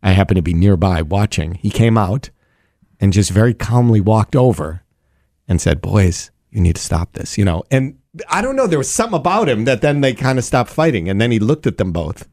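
A man's voice: lowish voice, brisk, dry recording, clean studio sound. A man co-hosting a talk show, telling stories in a casual, teasing way. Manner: animated storyteller, teasing. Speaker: radio show co-host. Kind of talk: casual chat.

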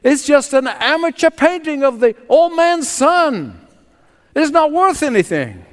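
Obnoxious art collectors jeer loudly in a high, scornful voice, put on by a male preacher. The pitch swings widely. A long church reverb follows. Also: very animated, very slow, smooth, full character voice. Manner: jeering, loud.

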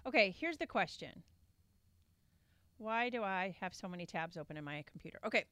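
A woman co-hosting a casual podcast, quick and blunt, swearing and muttering to herself. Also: mid-range voice, animated, fairly bright tone, no echo. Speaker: podcast co-host.

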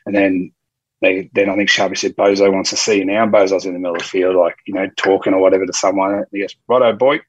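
A man's voice: sits low, monotone, fast talker, dry recording, lo-fi sound. An Australian man in his early forties, a former footballer, telling stories in a rambling, casual way full of quoted dialogue. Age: early 40s. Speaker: former rugby league player, guest. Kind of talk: casual storytelling.

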